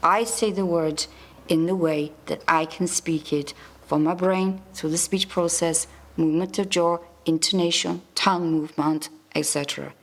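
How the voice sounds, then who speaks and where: A woman's voice: on the low side, fairly even intonation, normal speed. A woman from England being interviewed, whose speech disorder makes her sound like she has a French accent. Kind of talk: interview answers.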